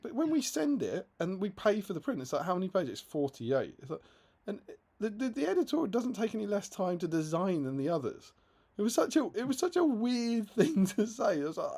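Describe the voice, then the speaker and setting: Brief: male co-host, fairly high and very lively voice, exasperated storyteller on a casual stream. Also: fairly quick, slightly rough. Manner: animated, exasperated storytelling with laughs. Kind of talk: casual livestream chat.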